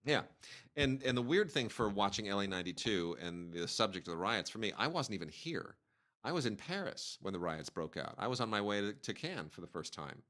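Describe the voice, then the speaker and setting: Low-voiced guy chatting on a podcast, rambly, lots of ums. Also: big pitch swings, brisk, a bit bright. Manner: rambling, many fillers and restarts. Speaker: podcast co-host reviewing home video releases. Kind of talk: casual podcast chat.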